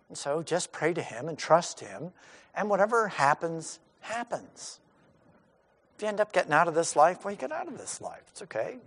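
A middle-aged male pastor giving a sermon in a conversational way, acting out the lines of the disciples. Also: on the high side.

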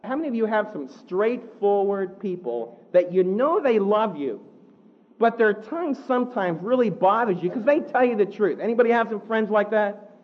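Guy preaching, pretty high voice, kinda dull lo-fi recording, acts out quotes. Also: moderate pace. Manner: animated preaching with acted-out quotes. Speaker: pastor. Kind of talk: sermon.

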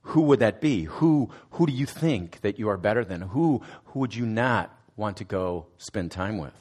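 A man's voice: on the low side, expressive, moderate pace, a little mellow, husky. A man giving a conversational sermon as a student ministries director, asking his listeners direct questions and now and then restarting words. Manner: conversational preaching, asks the audience direct questions, some restarts.

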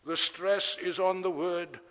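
A man preaching a sermon in a measured, deliberate way, repeating key words for emphasis. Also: high voice, steady tone, fairly bright tone, in a large hall.

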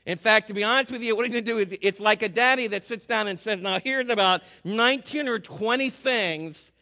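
A man's voice: high-pitched, brisk, sharp tone, long reverb tail. An older man preaching a sermon with energy, asking his listeners many questions. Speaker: pastor.

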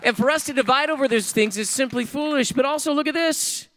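High-voiced male pastor preaching. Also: fairly quick, few pauses, fairly bright tone, a faint crowd. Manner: emphatic, repeats key phrases, asks the congregation questions. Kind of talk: sermon. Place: church sanctuary.

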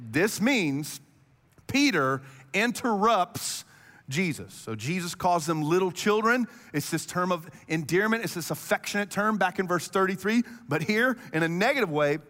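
A male pastor preaches in a lively, conversational style and often clears his throat. His voice sits a little high, and a long hall echo trails after each phrase. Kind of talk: sermon.

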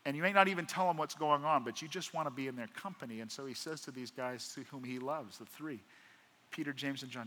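Bright-voiced pastor preaching in a reverberant hall. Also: male voice, mid-range voice, fast, a little hiss or hum. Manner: shifts from hushed to emphatic, acts out prayers. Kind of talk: sermon. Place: church auditorium. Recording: long church hall reverb.

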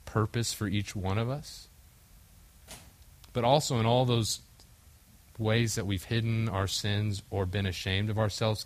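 Fairly low in pitch yet fairly bright in tone, this young man's voice carries a casual sermon where the group joins in discussion. He plays out the story's quoted lines in different voices and makes a few slips along the way.

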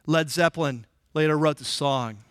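A man's voice: a little high, normal speed, a bit bright, no echo, studio quality. Casual, joking male pastor. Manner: conversational, jokey, acts out quoted lines. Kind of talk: casual sermon.

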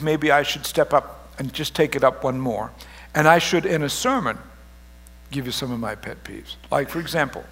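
A middle-aged man preaching a humorous sermon as pastor, joking and teasing his congregation in an animated way. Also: fairly high pitch. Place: church service.

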